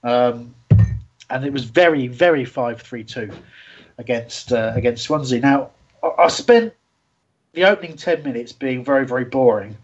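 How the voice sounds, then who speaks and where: A male host talks football in a rambling, self-deprecating way, full of ums and restarts. His voice is husky and mid-pitched, and the recording sounds dull and lo-fi. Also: animated, moderate pace. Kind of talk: casual football talk show.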